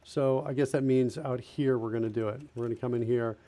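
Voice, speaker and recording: Medium in pitch, steady, warm, and a little fast, a man's voice narrates a live coding stream. He keeps it casual, thinking aloud while he types and correcting himself as needed.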